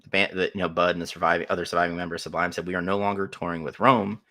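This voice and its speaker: Male co-host, low and gravelly with a forceful tone; profane, laughing storyteller. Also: level tone, very fast. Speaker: podcast co-host. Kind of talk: casual chat.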